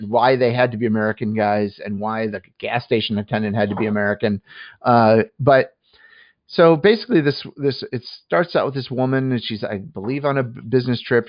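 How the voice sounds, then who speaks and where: A man's voice: mid-range voice, no room sound, dull audio. Rambling man reviewing movies, dry sound. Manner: rambling, many restarts and fillers. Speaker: movie review podcast host. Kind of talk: casual spoken movie review.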